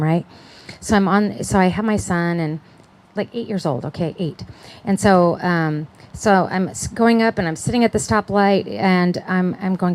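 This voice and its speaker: A woman's voice: on the low side, a little mellow. A middle-aged woman giving a chatty, conversational sermon at a conference, often checking in with her listeners and laughing. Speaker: conference speaker.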